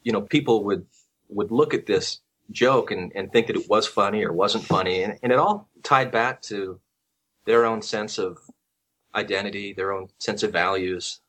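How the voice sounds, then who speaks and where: A man who is a guest in a casual conversation, telling stories in a relaxed, halting way with many restarts and fillers. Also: lowish voice. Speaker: guest researcher.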